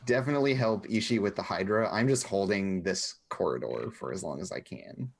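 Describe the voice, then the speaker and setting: Dude with a super deep gravelly voice, laid-back tabletop player. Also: male voice, expressive, a little fast. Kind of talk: casual game talk.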